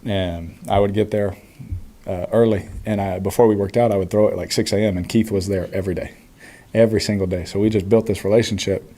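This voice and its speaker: Man, 30s, quarterback at a postgame presser, easygoing, laughs often, mellow low voice. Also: fast talker. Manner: relaxed, chuckling, many fillers. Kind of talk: postgame press conference answers.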